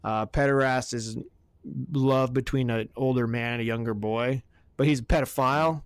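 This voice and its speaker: A man co-hosting a casual podcast, rambling and swearing his way through excitable rants. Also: mid-range voice, moderate pace, smooth, no room sound. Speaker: podcast co-host.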